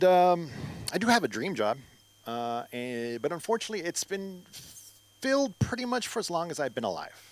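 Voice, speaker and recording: A middle-aged man doing a rambling stand-up set at an open mic, with ranting asides. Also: a little high. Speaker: stand-up comic. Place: comedy club stage.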